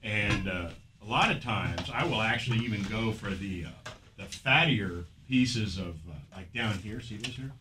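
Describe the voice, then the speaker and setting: A man's voice: on the low side, animated, moderate pace, noisy background. A man hosting a radio show, chatting casually and easily while tasting food on air. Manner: easygoing, thinks aloud with fillers.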